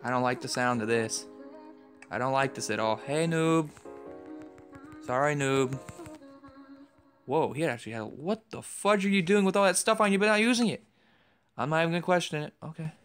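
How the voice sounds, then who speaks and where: A young man giving excitable commentary over a game he is playing, trash-talking opponents. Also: a little high, normal speed, long pauses, soft background music. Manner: excitable, yelps and trash-talks. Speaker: gaming YouTuber.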